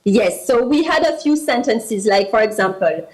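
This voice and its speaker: A woman's voice: on the high side, animated, normal speed, low-quality recording. A woman with a French accent, a guest on a morning TV show, patiently teaching French phrases and repeating them for the hosts to practise.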